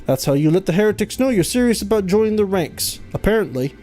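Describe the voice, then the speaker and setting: A streamer voicing a blunt, low-born male soldier in a video game, in a rough, put-on working-class accent. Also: lively intonation, quick pace, mellow, natural voice. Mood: gruff.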